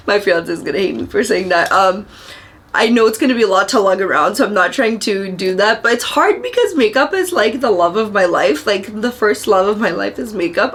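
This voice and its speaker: A woman's voice: medium pitch, fairly bright tone, slightly rough. A young woman talking casually to camera in a makeup review video, gushing and chatty, addressing her viewers directly from a room at home. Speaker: beauty vlogger. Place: upstairs room at a family home.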